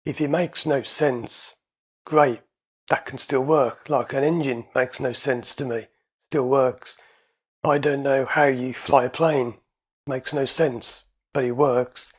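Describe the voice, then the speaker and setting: A man's voice: medium pitch, slightly rough. A man, an anxiety coach and hypnotherapist, explaining his ideas in a casual, conversational way and repeating his points.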